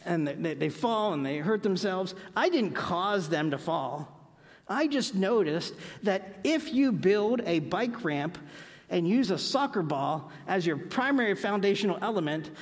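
A middle-aged man preaching a sermon, telling stories with lively, acted-out anecdotes. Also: high voice. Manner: animated storytelling, acts out anecdotes. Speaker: pastor. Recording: long hall reverb.

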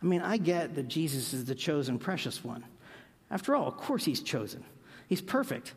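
A middle-aged man preaching a sermon, telling stories with lively, acted-out anecdotes. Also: fairly high pitch, normal speed. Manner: animated storytelling, acts out anecdotes. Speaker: pastor. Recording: long hall reverb.

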